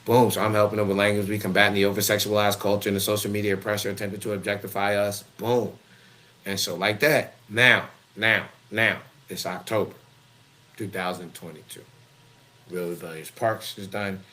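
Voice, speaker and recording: Guy hosting a live show, low voice, swearing nonstop, loud and animated. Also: normal speed. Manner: blunt, heavy swearing, animated, street slang. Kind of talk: profane storytelling rant.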